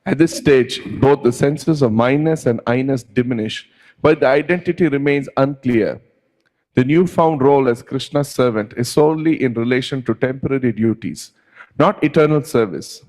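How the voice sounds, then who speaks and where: A man reading passages aloud from a devotional book in a steady, measured way. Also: medium pitch, low-quality recording. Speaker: text reader.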